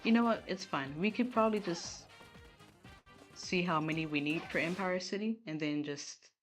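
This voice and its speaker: A low-pitched woman streams a game from a room at home. She chats casually and keeps talking to her viewers as she plays. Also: moderate pace, faint music behind. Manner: chatty, talking to chat while playing.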